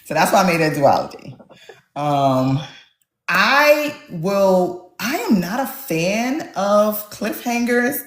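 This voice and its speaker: A woman author in a casual interview, telling stories with animated energy. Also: medium pitch, slow, reverberant. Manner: animated storyteller, acts out quotes. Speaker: author guest.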